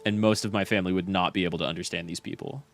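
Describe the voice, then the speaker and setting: A man's voice: sits low, fairly even intonation, rapid-fire, vocal fry, slight background noise. A young man streaming a game and chatting casually, rambling with lots of fillers and restarts.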